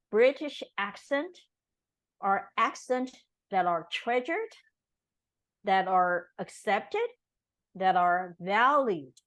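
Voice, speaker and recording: A woman's voice: on the high side, fairly bright tone, low-quality recording. A woman from Taiwan, an interview guest, making her points earnestly and emphatically and often checking in with tag questions. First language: Taiwanese Mandarin. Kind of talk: conversational interview.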